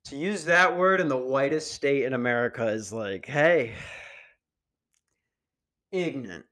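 A man's voice: medium pitch, lively intonation, measured pace, fairly bright tone. A young man hosting a podcast, ranting casually in a crude, meandering and sarcastic way. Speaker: podcast host. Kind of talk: casual rant.

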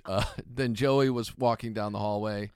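A man co-hosting a casual comedy chat, telling a story and acting out the people in it with sudden jumps in pitch. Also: normal speed, clear, resonant tone, dry recording, clean studio sound. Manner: animated storyteller, acts out quoted people with big pitch jumps. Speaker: podcast co-host and comic.

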